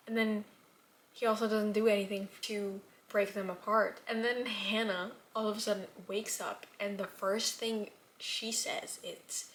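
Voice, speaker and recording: A woman in her early twenties chatting casually about a book she is reading, gushing and animated, sometimes dropping her voice to a near-whisper. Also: medium pitch, unhurried, a little hiss or hum. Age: 20s. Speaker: booktuber reading vlogger. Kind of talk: casual chat.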